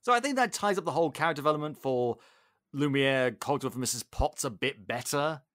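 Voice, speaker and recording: A man hosting a podcast, retelling a film plot in animated, jokey casual chat. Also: mid-range voice, brisk, dry recording, clean studio sound. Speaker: podcast host.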